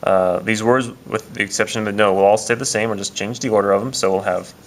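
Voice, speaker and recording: A man's voice: fairly low pitch, fairly even intonation, fast. A man teaching a casual video lesson, explaining step by step with frequent "uh" and "um" fillers. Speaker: Spanish teacher.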